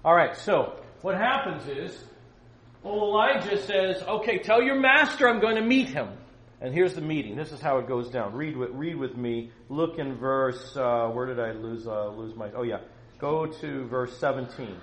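At a family camp, a man with a mid-range voice and moderate pace teaches the Bible in an animated, conversational style, acting out the scripture. The recording has a roomy echo and faint noise.

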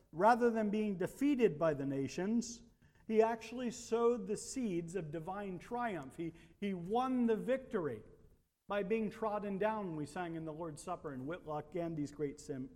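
A man with a high voice preaches a sermon, posing rhetorical questions and building emphasis. His voice rings with a long reverb, as if in a large hall. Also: measured pace, warm tone.

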